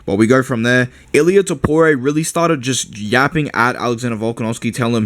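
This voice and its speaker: A man riffs through a fight recap in a loose, slangy, cursing style, full of "you know" and "bro". His voice sits at an ordinary middle pitch and talks at an everyday pace. The delivery is casual rather than polished. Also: lively intonation, fast, few pauses, fairly bright tone. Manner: loose, slangy and profane, frequent fillers. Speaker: MMA commentary host.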